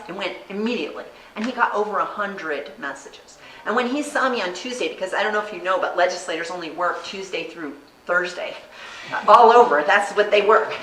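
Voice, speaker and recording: American woman candidate, bright voice, earnest stump speech, heard from a distance in an echoey room. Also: medium pitch, a little fast, slight background noise. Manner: earnest, storytelling, acts out quoted people. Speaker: congressional candidate.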